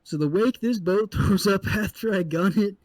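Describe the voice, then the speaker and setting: Casting note: male podcast co-host, a bit high-voiced, cusses freely, tells stories with animated energy. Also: normal speed, no echo. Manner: animated, profane, acts out people in the story. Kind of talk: casual storytelling chat.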